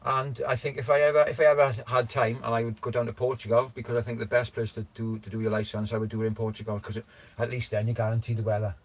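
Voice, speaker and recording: A man's voice: medium pitch, flat delivery, quick pace, hardly any pauses. A man hosting a casual livestream chat, rambling with lots of restarts, laughing and swearing as he talks. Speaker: livestream host.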